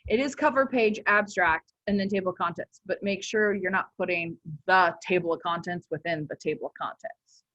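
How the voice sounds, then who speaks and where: A woman's voice: fairly low pitch, moderate pace, few pauses, a bit bright, dull audio. A young woman teaching a class in a casual, chatty way, full of filler words and self-corrections. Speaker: instructor.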